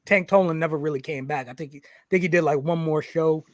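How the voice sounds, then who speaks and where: Animated man telling a profane wrestling story. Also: fairly high pitch, fast, dry recording. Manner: animated, swears constantly, acts out quoted exchanges. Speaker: pro wrestler podcast co-host telling a story.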